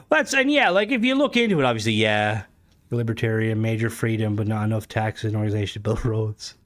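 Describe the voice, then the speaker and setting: A man's voice: fairly low pitch, moderate pace. A man streaming a game, chatting casually in a rambling, sweary way that keeps breaking off and restarting. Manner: rambling, sweary, self-interrupting. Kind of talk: casual gaming stream chat.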